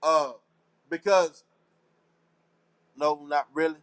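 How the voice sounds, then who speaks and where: High-voiced man ranting. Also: fairly even intonation, takes it slowly, a bit bright, clean tone. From Texas. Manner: rambling, conspiratorial, preachy, talks to the audience; slangy, repeats phrases. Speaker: show host. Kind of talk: casual live talk show monologue.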